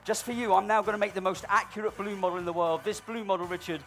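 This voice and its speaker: High-voiced man teasing a crowd. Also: steady tone, very fast, soft background music. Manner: cheeky, teasing, mock-dramatic, shifts between loud announcing and low asides. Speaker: balloon-modelling comedy entertainer. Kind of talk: live stage comedy patter with audience. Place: stage before a live audience.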